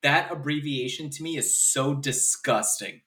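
A man's voice: medium pitch, unhurried, pushed and bright. A man co-hosting a podcast in casual chat, ranting in exasperation and swearing freely. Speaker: podcast co-host.

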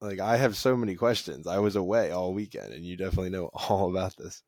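A man's voice: sits low, fast talker, a little mellow, no room sound. Curious man firing off questions. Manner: curious, fires off questions, laughs a lot. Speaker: podcast co-host. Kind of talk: casual chat.

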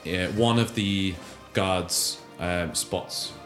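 A man narrating as game master in a relaxed, hesitant way, with many fillers. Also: low voice, very slow. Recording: music playing behind.

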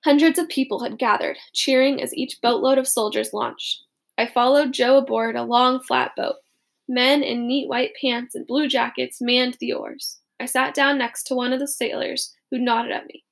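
Woman narrating a storybook, steady reading, high voice, gravelly fry. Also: moderate pace. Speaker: audiobook narrator. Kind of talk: first-person storybook narration.

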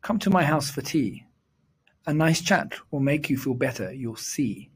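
A man voicing a gentle, kindly young girl who is new in town, in a storybook poem. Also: medium pitch, animated, unhurried, slightly rough.

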